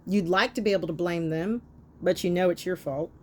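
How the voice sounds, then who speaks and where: A woman's voice: on the low side, brisk, slight background noise. A woman doing a tarot reading monologue, talking bluntly and scolding her listeners with plenty of profanity. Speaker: tarot reader.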